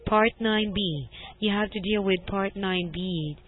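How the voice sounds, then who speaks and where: A woman leads a one-to-one English lesson, gently correcting her student and laughing easily. She talks at an unhurried pace, and the thin, tinny call audio sounds like a phone line. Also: mid-range voice. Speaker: English tutor. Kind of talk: online one-to-one language lesson. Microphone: video call.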